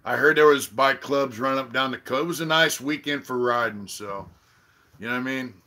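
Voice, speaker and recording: A middle-aged man hosting a casual live-stream chat, telling a profane story and loudly acting out what others said. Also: medium pitch, brisk. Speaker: channel host.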